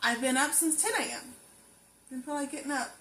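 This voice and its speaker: This young woman, a lifestyle vlogger, reflects on herself with earnest affirmations, driving points home through repetition. Her high-pitched voice is brisk with a sharp tone, set against the faint ambient noise of an echoey room.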